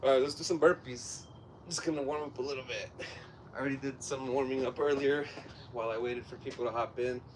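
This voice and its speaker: A man's voice: medium pitch, steady tone, brisk. Chatty Southern Californian man, noisy room. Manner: chatty, talks to viewers and scolds his puppy between sets. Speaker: fitness livestream host. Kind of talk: casual live-stream chat while exercising.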